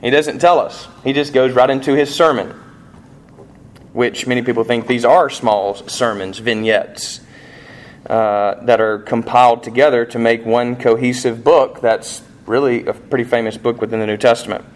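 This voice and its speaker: A man preaching a sermon as pastor, animated, with rising emphasis and rhetorical questions. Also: mid-range voice, normal speed.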